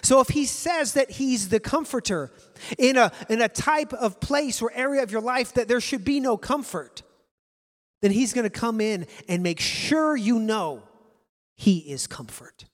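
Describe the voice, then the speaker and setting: A man's voice: very high-pitched, lively intonation, normal speed, in a large hall. A male pastor preaching a sermon to his congregation, earnest and repeating key phrases for emphasis.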